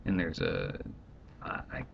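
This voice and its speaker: Gravelly low-voiced man venting on a vlog. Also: wildly swooping pitch. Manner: rambling, exasperated, quickly acts out others. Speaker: stay-at-home dad vlogger. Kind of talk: casual vlog monologue. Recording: dull lo-fi home recording, faint rumble.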